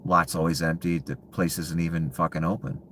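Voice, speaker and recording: Man, very low voice, bitter profane rant, contemptuous, hushed asides. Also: steady tone, moderate pace, slight background noise. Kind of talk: ranting monologue.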